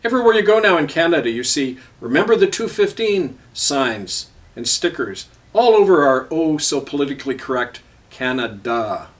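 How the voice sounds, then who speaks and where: A man's voice: fairly high pitch, distant mic. A middle-aged man reading his own column aloud with a sardonic, biting delivery.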